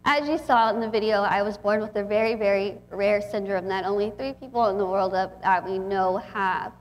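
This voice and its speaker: A woman's voice: mid-range voice, moderate pace. A woman in her twenties from Texas, giving a chatty, emotional inspirational talk to an audience as a guest speaker. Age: 20s. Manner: chatty, warm and emotional, with frequent laughs.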